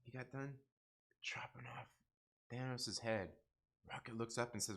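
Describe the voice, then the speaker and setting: Excitable man hosting a livestream review. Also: mid-range voice, a little slow. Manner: excitable, swears often, repeats phrases. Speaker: YouTube show host reviewing TV episodes. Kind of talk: casual livestream commentary.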